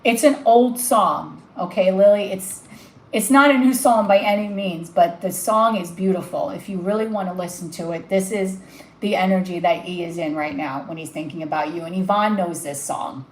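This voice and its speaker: A woman's voice: fairly low pitch, normal speed, echoey room, rough recording. A woman giving a live tarot reading, gushing and emotional as she talks straight to the viewer. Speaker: tarot reader.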